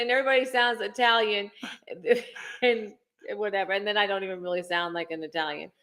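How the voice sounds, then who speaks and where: A woman's voice: medium pitch, fairly even intonation, moderate pace. Friendly woman co-hosting a live show. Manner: warm, chatty, reads viewer comments aloud. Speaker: astrology show co-host. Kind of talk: casual livestream chat.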